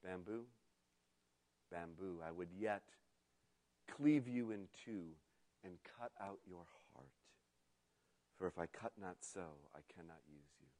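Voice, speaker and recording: A man voicing the grave, loving master of a garden in a sermon story, speaking low and hushed. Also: slow pace, long pauses.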